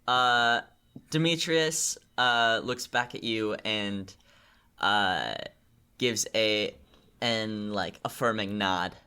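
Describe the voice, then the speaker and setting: A man narrates a tabletop adventure as its game master, his voice smooth and resonant. He stops and restarts often, dropping in fillers as he works out the scene on the fly. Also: fairly low pitch, bright, forceful tone. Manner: halting, many fillers and restarts.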